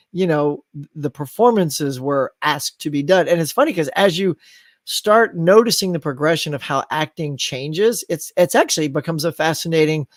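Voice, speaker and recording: A middle-aged man hosting a live stream, chatting about movies, reading out viewer comments and breaking into loud acted outbursts. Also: fairly high pitch, no room sound. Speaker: host.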